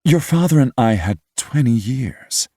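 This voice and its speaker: A man reading an audiobook voices a composed, gentle middle-aged American mother in a soft, measured way. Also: medium pitch, animated, dry recording, studio quality, voice pushed up. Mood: calm. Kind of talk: audiobook character voice.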